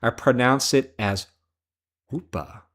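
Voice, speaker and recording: A man's voice: medium pitch, big pitch swings, moderate pace, fairly bright tone. A man from Chicago hosting a casual gaming livestream, swearing freely and drifting into tangents. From Chicago, American Midwest. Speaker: livestream host.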